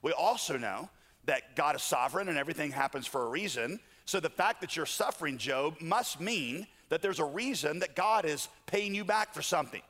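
A man's voice: on the high side, lively intonation, normal speed, fairly bright tone. A man voicing Job's friends, who lecture him insistently. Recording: long hall reverb.

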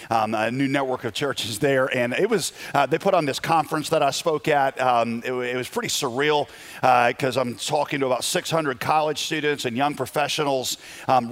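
A man preaching a Sunday sermon as pastor of his church, energetic and joking, with many fillers as he talks. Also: mid-range voice. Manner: energetic, humorous, frequent fillers. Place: church sanctuary.

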